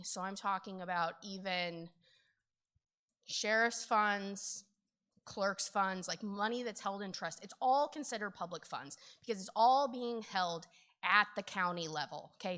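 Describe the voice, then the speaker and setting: A middle-aged woman giving a conference training talk, telling a story in an animated way with frequent laughs and "okay?" asides. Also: medium pitch. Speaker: conference presenter on county finance.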